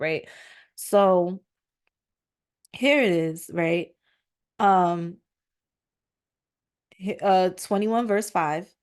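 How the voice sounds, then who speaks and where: Female podcast host, conversational commentary with scripture readings, mic on a stand. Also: mid-range voice. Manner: chatty, frequent fillers, reads verses aloud. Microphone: microphone on a stand.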